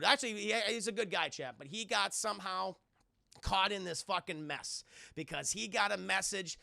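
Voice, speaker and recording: A man's voice: sits high, normal speed, gravelly, bright, forceful tone, no room sound, studio quality. A male streamer giving a rambling, profane recap of a cartoon episode, constantly addressing his chat.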